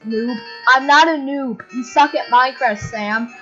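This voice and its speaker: Giggly high-voiced woman gamer. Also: very slow, long pauses. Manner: giggly and playful, breaking into loud squeals. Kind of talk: casual gameplay commentary. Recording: dull lo-fi audio with faint game music.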